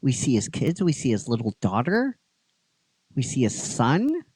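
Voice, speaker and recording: A man's voice: medium pitch, measured pace, breathy edge, dry recording. A man hosting a show, retelling an episode with energy, often restarting and stressing his words. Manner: animated, with restarts and emphatic stresses. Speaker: host.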